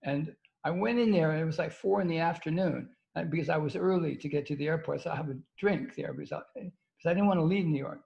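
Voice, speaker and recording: Gravelly older man telling a rambling story. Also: on the high side. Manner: halting, many restarts, casual swearing. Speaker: guest. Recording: dull lo-fi sound.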